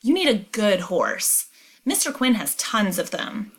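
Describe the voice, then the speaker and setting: A woman's voice: mid-range voice, big pitch swings, measured pace, a bit bright, slightly rough, exaggerated voice. Teacher lady doing a horse-crazy kid, all eager and a bit indignant, storybook voice. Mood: boastful. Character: excited boy narrator who loves horses.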